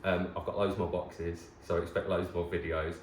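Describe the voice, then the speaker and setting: A man, chatting casually to camera in an excitable, nostalgic way. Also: low-pitched, moderate pace, reverberant, a little hiss or hum, rough recording. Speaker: vlogger host. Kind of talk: casual chat.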